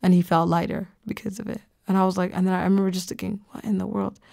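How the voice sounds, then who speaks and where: A woman's voice: lowish voice, little pitch movement, very fast, gravelly, warm tone, dry recording, clean studio sound. Woman telling a personal story, casual and reflective. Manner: casual, reflective, many fillers like "you know" and "like". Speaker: podcast host.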